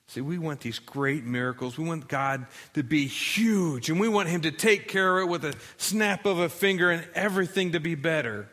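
Bright-voiced male pastor preaching. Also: a little high, moderate pace, hardly any pauses, big-room sound. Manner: conversational preaching, dramatic quoting. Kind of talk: sermon.

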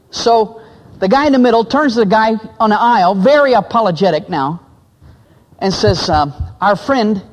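A man preaching, telling illustration stories and acting out the quoted voices of the people in them. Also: in a large hall. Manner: acts out quoted voices, drops low for men's lines. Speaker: pastor. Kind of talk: sermon illustration storytelling.

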